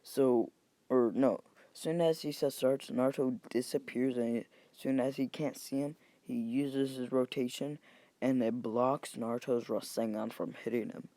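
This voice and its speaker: Gravelly young man rambling a story. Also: medium pitch, steady tone, moderate pace, dark tone, dry recording. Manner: rambling, profane, self-correcting. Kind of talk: casual retelling of a fan story.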